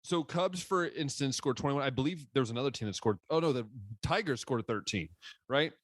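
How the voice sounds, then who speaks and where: A man's voice: mid-range voice, a little fast, no echo. A man co-hosting a sports podcast, ranting in casual chat with frequent restarts. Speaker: podcast co-host.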